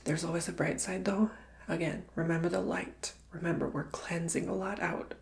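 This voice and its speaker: A man giving an ASMR tarot reading, often whispering, speaking softly and reassuringly straight to the listener. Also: a little high, fairly even intonation, moderate pace, vocal fry, a little hiss or hum. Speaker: tarot reader.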